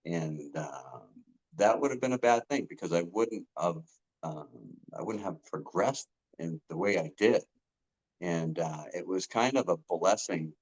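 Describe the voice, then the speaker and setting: A man giving a casual testimonial as a coaching client, earnest and halting, with frequent ums and restarts. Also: sits low, expressive, a little mellow, rough recording.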